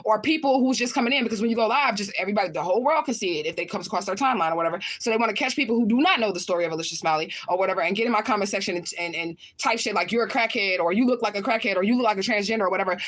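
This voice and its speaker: A woman's voice: medium pitch, very fast, hardly any pauses, fairly bright tone. A woman ranting on a livestream, talking straight to her chat in a heated, profane way. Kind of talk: livestream rant to viewers.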